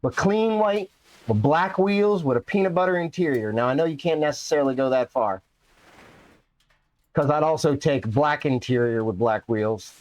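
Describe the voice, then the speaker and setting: A man's voice: a little high, moderate pace. A man streaming a racing game live, chatting playfully with his viewers and his cats. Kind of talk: casual live-stream chat while gaming.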